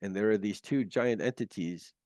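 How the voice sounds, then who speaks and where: A man recounting his near-death experience as an interview guest, earnest and halting with many restarts, on a video call. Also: lowish voice, darkish tone, no echo, clean studio sound.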